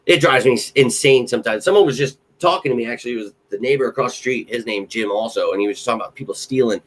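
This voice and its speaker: A young man from central Pennsylvania hosting a casual live stream, talking in an excitable, rambling way and swearing freely. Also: mid-range voice, very fast, a little hiss or hum. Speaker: podcast host.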